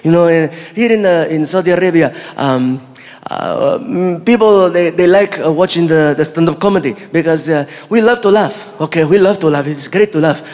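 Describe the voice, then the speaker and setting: A comedian putting on an earnest fan. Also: male voice, a little high, a little mellow, voice pushed down, natural voice. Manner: earnest, pleading, halting with fillers. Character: emotional Middle Eastern man, earnest fan. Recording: live hall with crowd noise.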